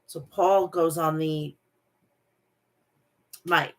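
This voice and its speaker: Woman giving a brisk wrestling recap. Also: fairly low pitch, a bit bright. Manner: brisk play-by-play recap with frequent self-corrections. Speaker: wrestling show host.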